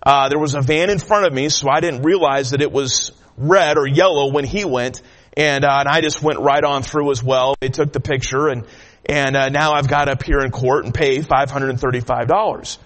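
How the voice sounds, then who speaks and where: A man's voice: mid-range voice, steady tone, moderate pace, fairly bright tone. A man preaching a sermon, telling a personal story in a folksy way with many filler sounds. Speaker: pastor. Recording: long hall reverb.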